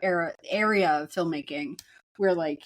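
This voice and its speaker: Co-hosting a film podcast, a woman with a lowish voice talks at a moderate pace. She jokes around, wanders off on tangents, and often starts her sentences again.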